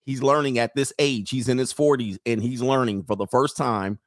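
A man hosts a reaction commentary show with emphatic, preachy delivery, repeating lines to drive his point home. His voice sits at a middling pitch, and the sound is close and dry. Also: fairly even intonation, moderate pace, dry recording. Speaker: host.

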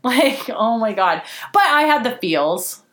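A woman's voice: fairly high pitch, very animated, takes it slowly, a bit bright. Blunt, foul-mouthed woman in an echoey room. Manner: blunt, profane, heavy use of "like". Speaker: podcast co-host. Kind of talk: casual podcast chat.

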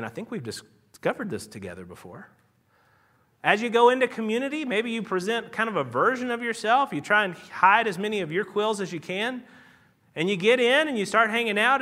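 A man's voice: sits high, pushed and bright. A man preaching a conversational sermon, explaining ideas with casual asides and building emphasis. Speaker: pastor.

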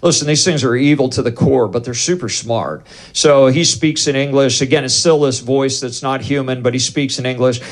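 A man's voice: medium pitch, moderate pace, hardly any pauses. A man preaching, telling a story from his ministry and acting out both sides of the conversations. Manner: animated, acts out both sides of dialogues. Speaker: pastor leading deliverance ministry. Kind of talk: sermon storytelling.

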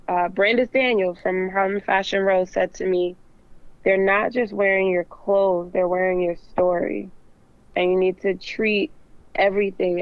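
A woman's voice: medium pitch, no room sound, dull audio. A woman fashion designer, a podcast guest joining remotely, talking earnestly with many fillers. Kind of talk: casual interview chat. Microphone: remote call, not in the studio.

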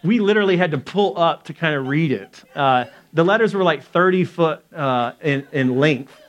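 A man's voice: a little high, lo-fi sound. Man telling a story from the pulpit. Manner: lively storytelling with acted quotes and quick asides. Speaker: pastor. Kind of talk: storytelling sermon and prayer.

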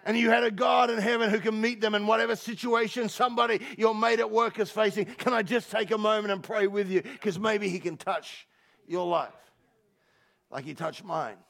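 A high-pitched man preaches with a gravelly edge in his voice, building from quiet reflection into passionate shouting. He repeats words as he gathers his thoughts and laughs along with the congregation, speaking at a church service. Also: fairly even intonation, moderate pace. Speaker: pastor. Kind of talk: sermon.

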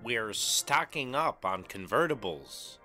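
A man's voice: lowish voice, big pitch swings, takes it slowly, bright, forceful tone, faint music behind, heavily acted. A man voicing a brash car dealer in a spoof radio ad, with salesman patter. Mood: salesy.

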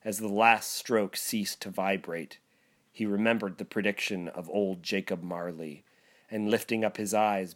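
A man reads a classic story aloud at a slow, deliberate pace. He gets animated and enthusiastic when he talks about it with a guest. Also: sits low. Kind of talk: reading aloud and casual discussion.

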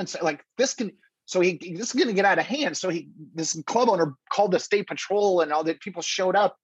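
A man, a stand-up comedian, telling stories in a casual interview, animated and full of restarts and acted-out quotes. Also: fairly high pitch, a little fast, breathy edge, no echo, lo-fi sound.

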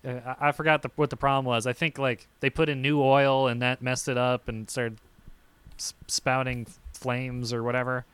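A young man co-hosting a podcast, telling animated stories in casual chat and acting out quotes with sudden yelps. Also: mid-range voice, moderate pace, clean tone, no room sound. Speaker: podcast co-host.

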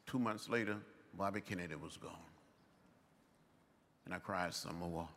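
An older man giving a commencement address in measured, rhythmic oratory with long pauses. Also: low-pitched, creaky, a bit bright, big-room sound, slight background noise. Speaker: commencement speaker. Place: large outdoor ceremony.

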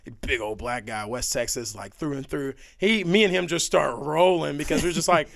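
A young man on a podcast, telling stories in a casual, animated way, laughing often and leaning on fillers. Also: fairly high pitch, moderate pace, gravelly, dry recording, studio quality. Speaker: podcast guest. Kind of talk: casual storytelling chat.

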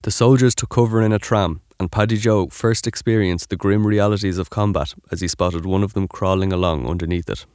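A man giving scripted documentary narration in an even, informative way. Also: low-pitched, brisk, few pauses, dry recording, studio quality.

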